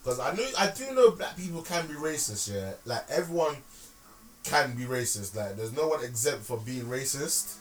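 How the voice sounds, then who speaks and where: A man co-hosting a podcast, telling stories in slangy, animated casual chat with lots of restarts. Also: mid-range voice, moderate pace, recorded from a distance. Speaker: podcast co-host.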